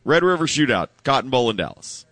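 A man's voice: mid-range voice, sing-song, brisk, fairly bright tone, dry recording. A man co-hosting a sports talk radio show, casual and wry, walking through the schedule with rambling asides. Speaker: radio co-host.

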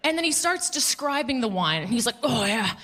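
A woman in her thirties works a comedy club stage on a handheld mic, her voice bright and a touch high. She tells stories with playful, animated energy, dropping into mock voices for the people in them. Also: brisk. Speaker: stand-up comedian. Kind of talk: stand-up comedy set.

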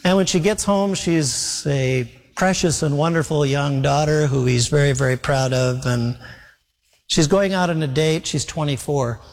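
A man's voice: fairly high pitch, unhurried. A man preaching a sermon, telling a story and acting out its dialogue. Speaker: pastor. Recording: long hall reverb.

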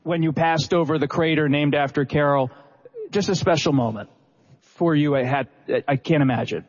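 A man interviewing a guest, earnest and a little halting, speaking respectfully. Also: on the high side. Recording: dull sound with a long hall reverb.

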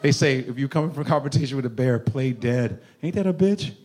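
Animated, profane stand-up comic man. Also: medium pitch, a little fast. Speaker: stand-up comedian. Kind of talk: stand-up comedy.

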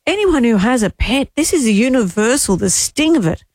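An Australian woman in her sixties co-hosting a radio show, talking haltingly and candidly through her grief. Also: on the high side, expressive, darkish tone, no echo. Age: 60s. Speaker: radio co-host. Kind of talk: emotional on-air chat.

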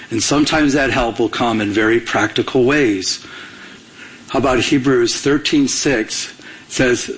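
A man preaching a sermon in a conversational way, often pausing for the congregation to fill in words. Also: medium pitch, lively intonation, fairly bright tone, rough recording. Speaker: pastor.

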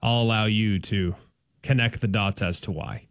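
A man's voice: fairly low pitch, moderate pace, no echo, studio quality. A man from the Dallas-Fort Worth area, co-hosting a sports talk show in a playful, emphatic way. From Dallas-Fort Worth, Texas. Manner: animated, playful, emphatic storytelling. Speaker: sports radio co-host.

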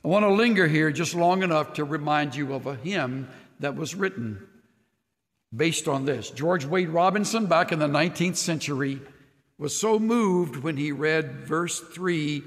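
Earnest preacher with a ringing hall echo. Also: male voice, on the high side, a little slow. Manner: earnest, swings from soft near-whispers to rising emphatic declarations. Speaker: pastor. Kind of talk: sermon. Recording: long hall reverb.

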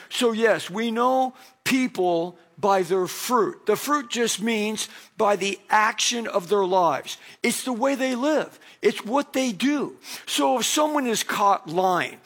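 A man's voice: high-pitched, fairly bright tone. A middle-aged male pastor preaching a sermon, telling stories and acting out quoted voices with animation.

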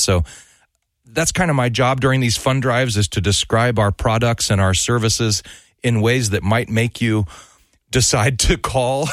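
A man with a fairly low voice co-hosting a radio fund drive, making an earnest, persuasive appeal to listeners. The sound is dry and close, like a studio mic. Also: no echo.

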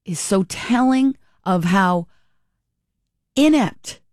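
A woman's voice: medium pitch, moderate pace, a little mellow. A woman delivers fired-up political commentary in a mid-range voice, sarcastic and indignant, peppering her talk with rhetorical questions. The sound is dry and close, with no room echo.

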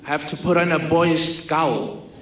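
Slow, echoey man storyteller. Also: fairly high pitch. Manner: vivid, self-mocking storytelling. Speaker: speaker telling a personal story. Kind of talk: storytelling talk on stage. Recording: echoey hall with faint noise.

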